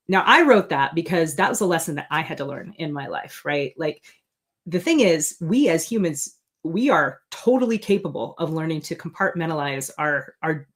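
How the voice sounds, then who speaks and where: A middle-aged woman, an author hosting her own channel, chatting casually and earnestly to viewers, rambling with many fillers and restarts and laughing at herself. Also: deep voice. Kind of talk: casual live chat to viewers.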